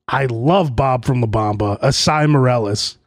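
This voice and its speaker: A man hosting his comedy podcast in a casual monologue, brash and excitable, laughing at his own jokes. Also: mid-range voice, dry recording, clean studio sound.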